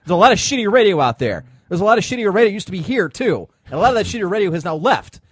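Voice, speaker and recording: A man hosts a loose, joking podcast chat, his pitch swinging up and down as he talks. The sound is dry and close, with no room around it. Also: rapid-fire, breathy edge, no room sound. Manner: loose, joking, animated banter. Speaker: podcast host. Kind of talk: casual chat.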